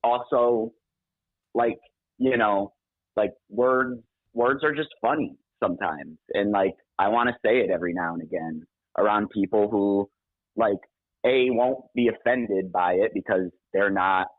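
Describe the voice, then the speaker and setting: A man's voice: on the low side, a little slow, no echo. A man calling in by phone, chatting casually, rambling with frequent restarts and laughs. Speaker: caller. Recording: tinny phone line.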